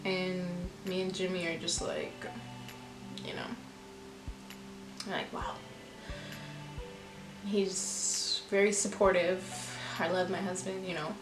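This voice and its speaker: A woman vlogger calmly recounting a hard personal experience in a candid storytime, with many "like"s and "you know"s. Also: lowish voice, slow pace, long pauses. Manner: candid, reflective, lots of fillers. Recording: echoey room with music behind.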